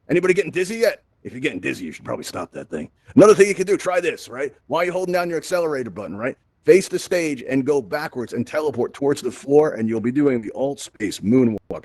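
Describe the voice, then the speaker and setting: A man's voice: mid-range voice, no echo, studio quality. A man hosting a virtual reality event, walking a crowd through controls in an upbeat, encouraging way with playful asides. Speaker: VR event host and instructor. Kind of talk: live instructional walkthrough.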